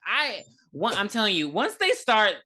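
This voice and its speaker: Animated woman recapping a movie, bright tone. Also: medium pitch, normal speed. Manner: animated, profane storytelling with acted quotes. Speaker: podcast co-host. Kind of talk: casual movie review chat.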